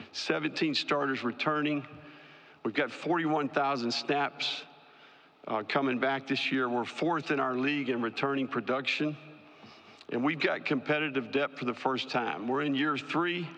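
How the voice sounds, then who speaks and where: A man, a college football head coach, giving prepared press conference remarks in a measured, emphatic, list-like way. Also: mid-range voice, pushed and bright. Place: large media day ballroom. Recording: long reverb in a large hall.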